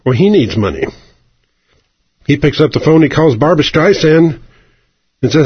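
Sarcastic, profane radio talk host. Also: male voice, on the high side, expressive, normal speed, long pauses, husky, no room sound. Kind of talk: satirical political rant. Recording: dull dry radio broadcast.

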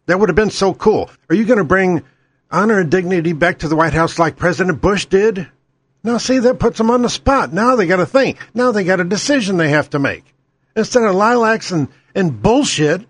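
A man's voice: high voice, a little fast, no echo. A middle-aged man delivering an angry, profane, sarcastic political rant as a talk show host. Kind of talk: ranting political monologue.

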